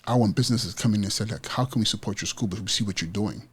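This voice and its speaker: Talking very fast in a low, husky voice, the principal on this education podcast gives a motivational monologue. He repeats his points emphatically and passionately while discussing teaching kids to win.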